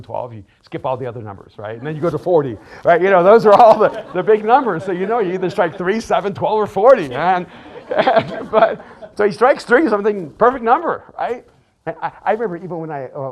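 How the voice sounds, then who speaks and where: A middle-aged man, a pastor and author, telling a personal story in an animated way, often laughing and repeating words. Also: mid-range voice, slight background noise. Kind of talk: storytelling talk.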